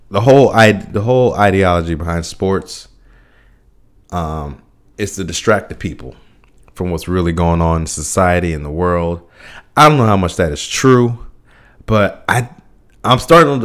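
A man's voice: deep voice, normal speed, pauses often. A young man hosting a solo podcast, ranting with profanity, frequent restarts and bursts of laughter. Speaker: podcast host.

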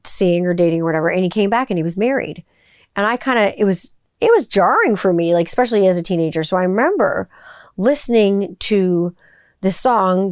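A woman's voice: on the low side, a little mellow, no room sound, studio quality. A woman in her forties, chatting casually as a podcast host, rambling through stories and swearing freely. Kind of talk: casual chat.

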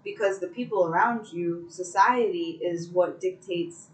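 A woman's voice: lowish voice, unhurried, poor audio. A woman co-hosting a casual chat, opinionated and rambling, with casual cursing.

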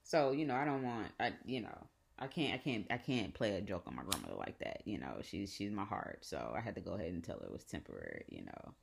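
A woman with a Southern US accent, hosting a podcast and telling a personal story in a profane, animated way with repeated phrases. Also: extremely low pitch, quick pace, gravelly, few pauses. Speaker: podcast host. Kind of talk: casual storytelling.

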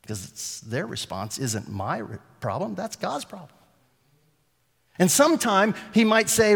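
A man preaching a sermon as a pastor, telling a story and acting out the lines of the people in it, getting louder and quieter as he goes. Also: high-pitched, moderate pace, gravelly, slightly rough, in a large hall. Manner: animated, acts out quotes with shifting volume.

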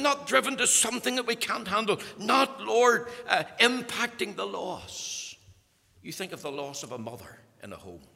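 A man preaching a sermon with passion. He swings from hushed tones to loud emphasis and repeats words when he presses a point. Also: high voice, vocal fry. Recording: long hall reverb.

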